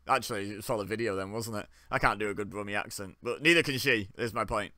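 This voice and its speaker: A man's voice: on the low side, fast talker, few pauses, pushed and bright, no room sound, clean studio sound. A young man giving wry, joking commentary while watching along, often laughing. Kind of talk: casual live commentary.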